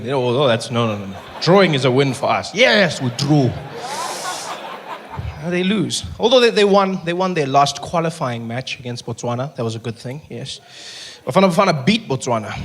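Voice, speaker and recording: A male stand-up comedian with a South African accent, telling jokes playfully on stage and slipping into impressions. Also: a little high. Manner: animated, playful, slips into impressions. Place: live comedy venue with audience. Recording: live show with crowd and noise. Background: audience crowd.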